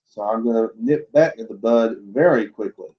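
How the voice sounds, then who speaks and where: A man with a fairly low voice speaks at a moderate pace over dull-sounding audio. He hosts a casual cryptid livestream show, reading odd news stories aloud and responding with blunt, doubtful remarks. His skeptical asides come with chuckles.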